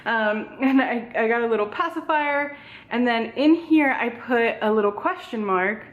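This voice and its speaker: The audio is narrow and tinny as a young woman, slightly high-voiced and speaking at normal speed, vlogs casually at home on a tripod camera. She sounds out of breath and bubbly, rambling with frequent "like" and "um," in an echoey room.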